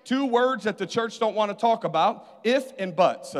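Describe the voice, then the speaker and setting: A man's voice: sits high, animated, moderate pace. A man preaching a sermon as pastor, calling out to his congregation for responses. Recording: hall reverb.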